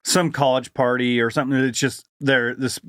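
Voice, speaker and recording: A man's voice: mid-range voice, level tone, normal speed, fairly bright tone, dry recording, clean studio sound. A man co-hosting a podcast, rambling through imagined scenarios in casual comedic chat. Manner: rambling storyteller, builds hypothetical scenes. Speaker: podcast co-host.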